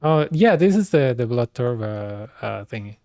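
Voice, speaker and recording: A man with a mellow, darker tone and a middling pitch, chatting casually while he plays a game. He tells rambling stories full of slang and fillers, calling the listener "dude" and "man" as he goes. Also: big pitch swings, normal speed, no echo. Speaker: streamer. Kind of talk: casual chat while gaming.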